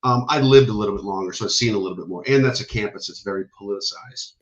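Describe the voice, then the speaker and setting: A man in his fifties from Michigan, a guest telling army stories in an animated way. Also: fairly low pitch, highs cut off. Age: 50s. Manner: animated storyteller, quick asides. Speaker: guest, retired army ranger. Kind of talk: casual interview storytelling.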